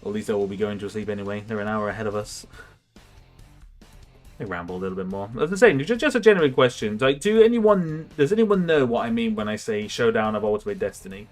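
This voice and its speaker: A man's voice: lowish voice, animated, fast talker, faint music behind. A young man chatting casually on a livestream, rambling and self-mocking, laughing often. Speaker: streamer.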